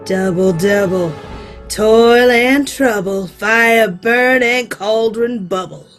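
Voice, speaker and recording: A woman with a Southern US accent playing a giggling old witch, reciting spell ingredients slowly with laughter in an amateur stage-play reading. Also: a little high, faint music behind. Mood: chanting. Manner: slow, laughing recitation with stumbles.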